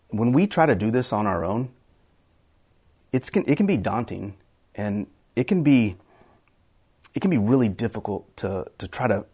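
A man's voice: lowish voice, a little mellow. A middle-aged man preaching a sermon in an earnest way, often repeating words as he restarts his phrases. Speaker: pastor.

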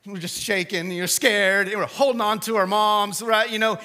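A man in his thirties preaches with a high, bright voice. His delivery is casual and chatty, swinging from energetic emphasis to quiet, intimate asides. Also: moderate pace. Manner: conversational, swings from loud to hushed. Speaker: pastor. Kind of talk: sermon.

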